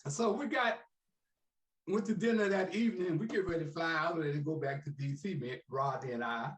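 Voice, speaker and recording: Older man, seventies, folksy storyteller, high animated voice, echoey room. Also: normal speed. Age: 70s. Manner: folksy, peppers speech with "man". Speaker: interviewee, veteran sports talk host.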